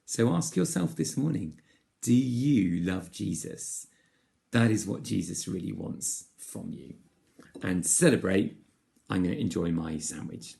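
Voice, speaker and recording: Gravelly low-voiced man telling a children's talk. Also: lively intonation, measured pace. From England. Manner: gentle, storytelling, asks listeners questions. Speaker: church leader giving a children's talk. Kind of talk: all-age talk to families.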